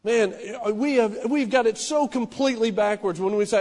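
A man preaching a sermon in a small church, impassioned, swinging from hushed to loud. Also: sits high, normal speed, long reverb tail. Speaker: pastor.

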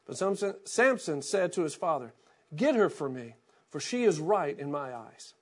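A middle-aged man, a pastor, reading scripture aloud and then preaching in a relaxed, storytelling way. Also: a little high, normal speed.

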